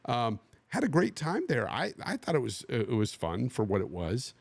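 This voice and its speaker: A man's voice: mid-range voice, moderate pace, vocal fry, no echo. A man from the Bay Area hosting a podcast, telling a casual story and acting out what other people said. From Bay Area, USA. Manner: animated, acts out quotes of others. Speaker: podcast host.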